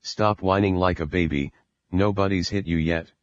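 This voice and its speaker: A man reading the part of an angry, abusive father who yells and scolds his small son, in a dull lo-fi recording. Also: deep voice, steady tone, normal speed, smooth, no room sound, natural voice. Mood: angry scolding. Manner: scolding, yelling insults.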